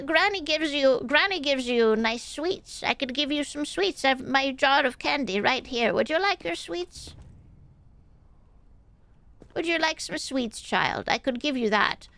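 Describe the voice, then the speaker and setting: A woman voicing a sweet, doting old grandmother who coaxes a child with treats, in a gentle, slow manner. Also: high-pitched, dry recording, heavily acted. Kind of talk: live-stream character voice.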